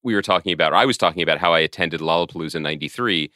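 A man's voice: deep voice, rapid-fire, sharp tone, no room sound, clean studio sound. A middle-aged man co-hosting a podcast, chatting casually in a wry, self-deprecating way. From Philadelphia. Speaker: podcast co-host. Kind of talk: casual chat.

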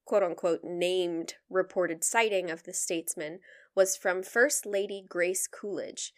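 A young adult woman co-hosting a podcast, reading out researched history in a casual way and breaking into playful asides and laughter. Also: mid-range voice. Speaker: podcast co-host telling the story.

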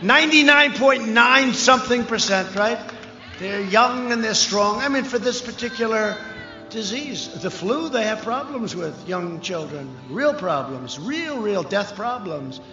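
A man giving a rambling, off-the-cuff rally speech, repeating himself, with mocking asides and shouted lines. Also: high-pitched, expressive, measured pace, music in the background. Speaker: political candidate speaking at a rally. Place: large rally venue. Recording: echoey, lo-fi rally sound with long reverb.

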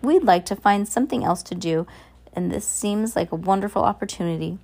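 A woman's voice: mid-range voice, a little fast, dark tone, natural voice. A woman reading aloud as an earnest contortionist woman.

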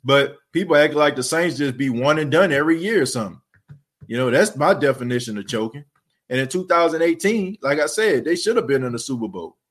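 A man's voice: fairly high pitch, animated, brisk. A man hosting a podcast, rambling in casual sports talk with lots of fillers and repeats. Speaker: podcast host.

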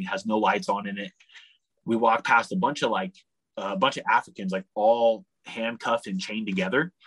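Young man, casual storytelling, husky, lowish voice, animated, says "like" a lot. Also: rough recording. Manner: animated, leans on "like" a lot, acts out the people he quotes. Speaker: guest telling a travel story.

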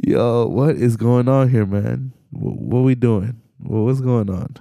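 A man's voice: medium pitch, measured pace, gravelly, dark tone, no room sound, clean studio sound. A young man hosting a podcast solo, ranting in loose, slangy, profane talk and tacking "man" onto nearly every sentence. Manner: slangy, profane, rambling, says "man" constantly. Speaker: podcast host. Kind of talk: casual solo podcast rant.

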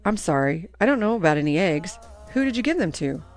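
A woman voicing a kindly older male grandfather in an audiobook, speaking gently and patiently. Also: on the low side, big pitch swings, brisk, faint music behind. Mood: quiet, warm. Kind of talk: audiobook character reading.

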